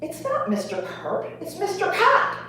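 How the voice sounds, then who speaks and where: A woman's voice: medium pitch, wildly swooping pitch, unhurried, slight background noise. A woman voicing a stubborn seven-year-old boy who insists, matter-of-fact, on what his teacher said. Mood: insistent. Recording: echoey room, mic far off.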